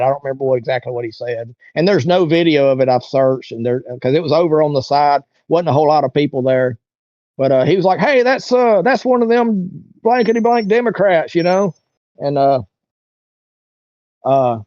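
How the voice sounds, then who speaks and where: Speaking with a slightly high, darkish voice, a man tells a casual story as an interview guest and acts out what others said. The recording is dry, dull, and lo-fi.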